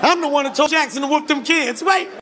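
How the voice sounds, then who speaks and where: High-pitched loud stand-up comedian man. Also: fast talker, crowd noise, noisy background. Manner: loud, animated, frequent shouting and laughing. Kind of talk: stand-up storytelling. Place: comedy stage before a live audience.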